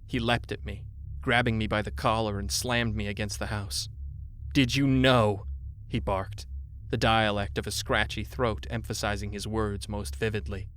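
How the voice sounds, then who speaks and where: A man narrating a horror story in a measured way, slowing down on grim details. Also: lowish voice, little pitch movement, fairly bright tone, smooth.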